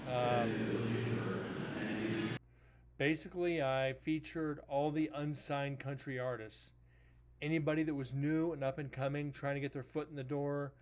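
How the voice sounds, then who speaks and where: A man's voice: fairly even intonation, a little slow, long pauses. A man hosting a paranormal live stream, chatting casually and rambling with his viewers. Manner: laid-back, rambling, talks straight to chat. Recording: loud vehicle rumble behind the voice.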